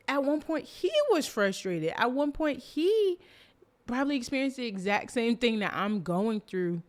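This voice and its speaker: A young adult woman hosting a podcast, telling a personal story in a casual, animated way, full of fillers and bursts of loud laughter. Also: a little high. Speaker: podcast host.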